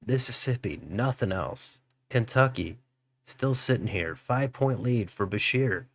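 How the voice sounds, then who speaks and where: A man's voice: medium pitch, lively intonation, measured pace, fairly bright tone, no echo. A man hosting a political livestream, musing aloud as he reads out election results. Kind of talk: live election results commentary.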